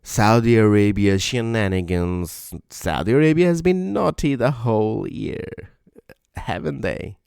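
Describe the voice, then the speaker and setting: A man with a low voice, hosting a podcast and talking loosely through current events, full of restarts and dry sarcastic jabs. The sound is close and dry, with no room around it. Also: expressive, measured pace, creaky, darkish tone, smooth, no room sound. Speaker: podcast host. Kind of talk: casual monologue on news.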